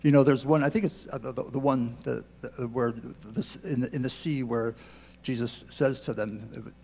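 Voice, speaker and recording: A man speaking as a counselor guest in a church interview, earnest and halting, often repeating words. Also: mid-range voice, steady tone, creaky, dark tone, breathy edge. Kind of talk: answering questions in a church interview. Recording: long hall reverb.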